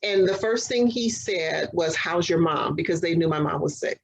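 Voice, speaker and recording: A woman's voice: lowish voice, normal speed, vocal fry, slightly rough, poor audio. A woman guest in an interview, telling her personal story earnestly in casual conversation. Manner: earnest storytelling, acts out quoted exchanges.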